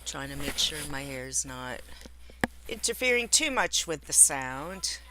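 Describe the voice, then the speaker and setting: A woman's voice: a bass voice, very animated, unhurried, background noise. A woman streaming live from home, chatting casually and rambling to herself as she sets up, often breaking off mid-sentence. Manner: rambling, self-interrupting, talking to herself while setting up. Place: indoors at home by a window.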